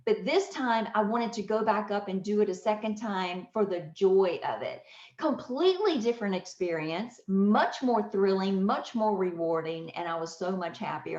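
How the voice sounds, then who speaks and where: A woman's voice: mid-range voice, a little mellow. Emotional middle-aged woman telling a story. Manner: emotional, breathless and self-interrupting. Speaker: podcast host. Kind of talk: personal storytelling. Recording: echoey, slightly dull recording.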